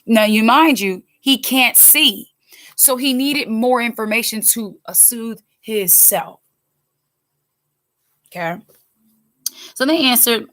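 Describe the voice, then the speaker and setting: A woman teaching a casual Bible study who talks chattily, wanders into quick asides, and turns animated when she quotes people. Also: fairly high pitch.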